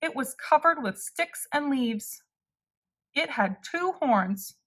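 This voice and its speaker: A woman reading a picture-book story aloud to children in a slow, expressive way. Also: sits high.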